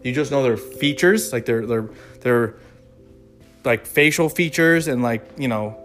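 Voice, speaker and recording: A young man in his twenties talks loosely to camera, circling his point with fillers and restarts. His voice sits at an ordinary middle pitch. A little guitar music plays faintly underneath. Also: measured pace, a bit bright. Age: 20s. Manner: rambling, conversational, many fillers and restarts. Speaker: vlogger. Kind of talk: casual talking-to-camera monologue.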